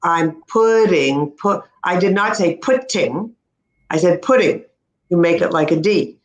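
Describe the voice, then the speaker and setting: Instructive Canadian woman in an echoey room. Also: lowish voice. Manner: crisp, instructive, demonstrates words slowly. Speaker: speech-language pathologist. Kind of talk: teaching pronunciation in conversation.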